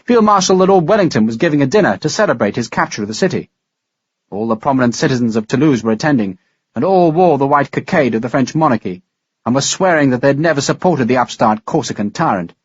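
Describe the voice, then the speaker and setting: A man narrating a historical audiobook in a measured, dramatic reading style. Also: mid-range voice, animated, husky, no room sound, lo-fi sound. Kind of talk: scripted narration.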